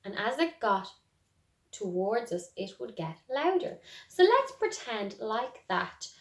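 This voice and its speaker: A woman with an Irish accent teaching a music lesson to young children, speaking gently and encouragingly and singing demonstrations. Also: a little high, sing-song, slow. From Ireland. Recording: roomy echo.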